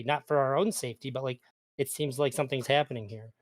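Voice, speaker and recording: A man's voice: mid-range voice, steady tone, fast talker. A man guest in a casual debate, arguing earnestly and often restarting his sentences. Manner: earnest, argumentative, stumbles on restarts. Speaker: interview guest.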